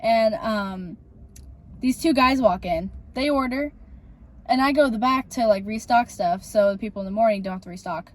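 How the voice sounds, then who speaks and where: A woman's voice: fairly high pitch, moderate pace. A young woman co-hosting a casual chat, telling a rambling work story. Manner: chatty, rambling with fillers. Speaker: podcast co-host.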